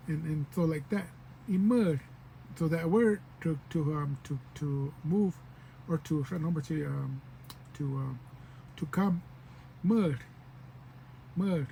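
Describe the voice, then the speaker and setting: A man teaching a language in a casual spoken lesson, patiently repeating words slowly to show how they are pronounced. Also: a little high, creaky, mellow, slight background noise, low-quality recording.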